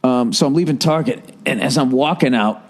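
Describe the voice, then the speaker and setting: A man telling a comic story on a podcast, profane and animated, breaking into laughter as he goes. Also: mid-range voice, brisk. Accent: Boston. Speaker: podcast host. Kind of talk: comedic storytelling.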